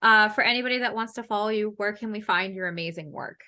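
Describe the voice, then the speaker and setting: A woman's voice: mid-range voice, fast talker, bright, forceful tone. Chatty, swearing Canadian woman host. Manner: chatty, swears freely, laughs often. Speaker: podcast host. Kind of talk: casual podcast interview.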